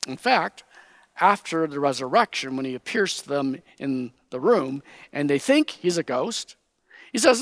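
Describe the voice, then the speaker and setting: A man preaching a sermon, teaching slowly and with emphasis, raising his voice when he quotes. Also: fairly high pitch, very animated, no echo. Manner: slow, emphatic Bible teaching, quoting figures in raised voice.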